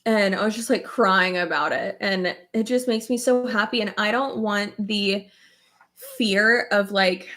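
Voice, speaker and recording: A woman's voice: medium pitch, unhurried, fairly bright tone. A young woman vlogging casually while doing her makeup, rambling with lots of "like" and fillers, swearing offhand and getting emotional. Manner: emotional, tearful at times, laughs often. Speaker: beauty vlogger.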